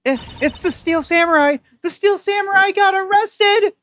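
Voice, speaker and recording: A woman voicing an excitable young spirit-medium assistant, reading game dialogue aloud in a shrill, breathless, urgent way. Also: measured pace. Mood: panicked.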